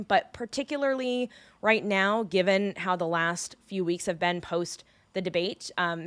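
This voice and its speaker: A woman's voice: fairly low pitch, no echo. A young woman from California hosting a daily news podcast, explaining the news in a chatty, joking way. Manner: chatty and joking, lively asides.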